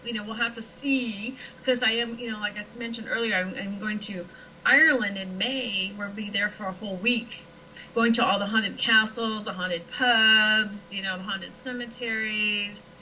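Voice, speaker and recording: A woman's voice: mid-range voice, steady tone, moderate pace, sharp tone, slight background noise, poor audio. A woman from Nebraska chatting casually as a guest, with frequent fillers. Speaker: paranormal investigator guest. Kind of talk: casual chat.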